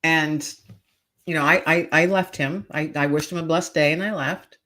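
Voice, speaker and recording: A woman's voice: deep voice, fairly even intonation, moderate pace, bright, forceful tone. Middle-aged woman, podcast guest, earnest heartfelt storytelling, keeps repeating her main points. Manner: earnest, emphatic, repeats key phrases.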